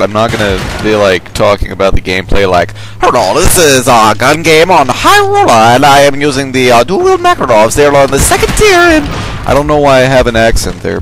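A young man talks over a video game in a loose, rambling way, swearing freely and drifting between tangents, and he sounds tired. His voice sits a little low. Loud gunfire and explosions from the game play clearly behind him. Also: noisy background. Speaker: gameplay commentator. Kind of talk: casual rambling commentary over gameplay.

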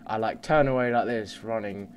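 A young man commentating on his game at home, muttering and swearing, with sudden loud yells. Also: on the low side, moderate pace, faint music behind. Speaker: let's play gamer. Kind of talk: casual gameplay commentary. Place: home computer desk. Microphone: desk mic under the monitor.

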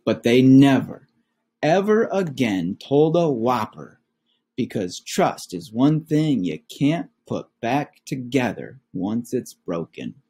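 A man reading a children's book aloud, slowly and expressively. His mellow, slightly husky voice rises and falls with the story. He addresses the boys and girls listening. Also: mid-range voice, big pitch swings.

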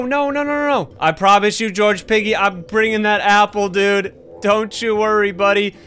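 A man giving excited Let's Play commentary, yelping and laughing as he talks to his viewers. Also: extremely high pitch. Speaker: gaming YouTuber.

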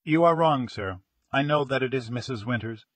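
An earnest young jewelry salesman, formal and insistent even while shaken, as an audiobook reader puts him on. His husky voice is slightly breathy and recorded dry and close. He lays out his account carefully. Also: mid-range voice, normal speed, no echo, lightly acted. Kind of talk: audiobook character reading.

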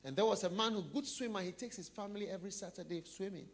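A quick-paced preacher relates a story and questions his listeners as he delivers his sermon. He repeatedly lets his voice go quiet and low.

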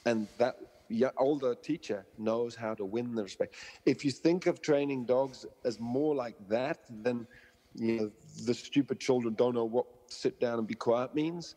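A man's voice: medium pitch, measured pace, dark tone. Man telling stories with long reverb. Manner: explains through stories and analogies, acting out quoted voices. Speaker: dog trainer guest. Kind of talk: interview conversation.

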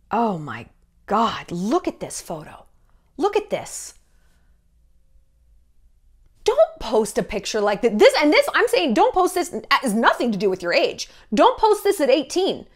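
A woman's voice: a little high, a bit bright. A woman in her thirties talking in a blunt, gossipy, profane way in a casual commentary vlog. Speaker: YouTube commentator.

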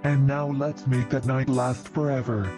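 A man's voice: medium pitch, steady tone, unhurried, close to an everyday voice. Guy doing a creepy smug mad scientist brother, music playing faintly behind.

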